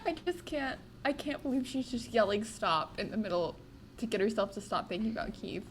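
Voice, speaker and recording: A young woman with a fairly high voice chats casually as a podcast co-host, running through her reading notes. She talks in a friendly, conversational way and drops into reading book passages aloud. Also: expressive, brisk, slight background noise. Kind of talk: casual book-discussion chat.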